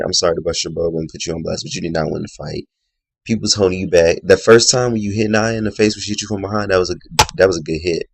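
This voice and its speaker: Deep, gravelly man rambling casually. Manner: rambling, opinionated, heavy on "you know" and "like". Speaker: reality TV reviewer. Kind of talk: casual video review.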